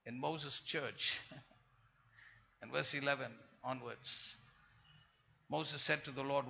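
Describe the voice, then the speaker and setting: Animated preacher in an echoing hall. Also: male voice, mid-range voice, takes it slowly, creaky, long pauses. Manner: animated, rising to loud emphasis and acting out quoted complaints. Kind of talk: sermon. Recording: muffled sound with long hall reverb.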